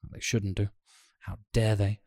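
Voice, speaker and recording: A man's voice: lowish voice, flat delivery, measured pace, a little mellow, dry recording, clean studio sound. Chatty podcast co-host man. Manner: chatty, playful, mimics pronunciations. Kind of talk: casual chat.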